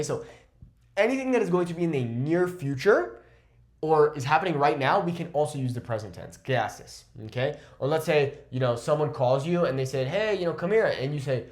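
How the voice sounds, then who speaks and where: Lively young man teaching phrases. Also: fairly high pitch. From California. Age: 20s. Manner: lively explaining, switches between English and Spanish. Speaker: Spanish teacher. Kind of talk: language lesson.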